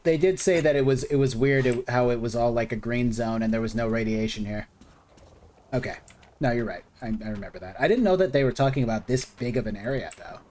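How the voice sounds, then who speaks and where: A man's voice: medium pitch, darkish tone. A man streaming a video game, chatting casually with viewers and thinking aloud as he plays. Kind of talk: casual gaming commentary.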